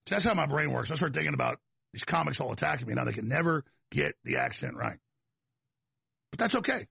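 A man's voice: fairly high pitch, big pitch swings, fast, vocal fry, bright, forceful tone, slightly rough, no echo. A middle-aged man with a Texan accent talking in a casual, rambling monologue, drifting into folksy asides and side stories. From Texas. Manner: digressive storyteller, folksy asides.

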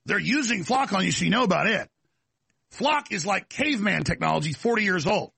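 A man's voice: sits high, expressive, brisk, gravelly, bright, forceful tone, breathy edge, dry recording. A middle-aged man hosting an opinionated commentary show, ranting heatedly and acting out the voices he quotes. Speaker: talk show host.

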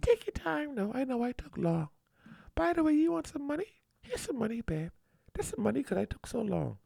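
Brief: a man doing a high, gravelly-edged woman partner, whispering or whining, dry close sound. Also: very animated, a little fast, mellow, dry recording, heavily acted. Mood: soft pleading. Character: a woman partner, pleading then whiny.

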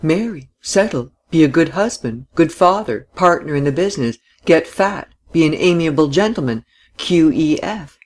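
A reader voicing a tall, weary young man who speaks quietly and lightly, with a wry, offhand manner. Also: fairly high pitch, expressive, normal speed, voice pushed up. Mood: flippant.

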